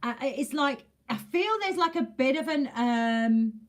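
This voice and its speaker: A woman with a high, animated voice reads tarot a little slowly, speaking directly to camera in a casual, chatty manner. She pushes her points through repetition and throws in the odd mild swear word.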